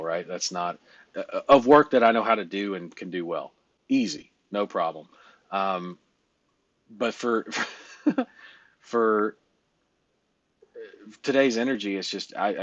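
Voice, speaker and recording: A man's voice: deep voice, a bit bright, no room sound. A man coaching a trainee in sales over a call, blunt and emphatic, rambling through his points.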